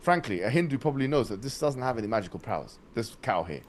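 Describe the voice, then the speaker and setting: A man arguing in an animated podcast chat, mocking his opponents and laughing as he makes his points. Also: medium pitch, fast talker, slight background noise. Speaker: debater guest.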